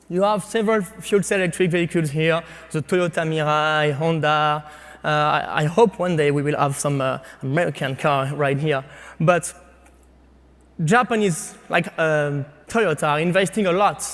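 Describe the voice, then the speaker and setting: A man with a French accent giving a startup pitch to an audience, speaking haltingly with frequent fillers and restarts. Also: long reverb tail. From France. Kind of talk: competition pitch presentation.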